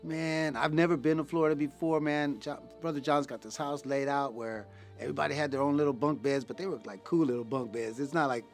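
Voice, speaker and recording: A Californian man in his fifties, a graduate of a ministry program, shares his personal testimony. He speaks earnestly and casually, using slang and stumbling over many repeated words. His voice sits on the high side, with soft music playing in the background.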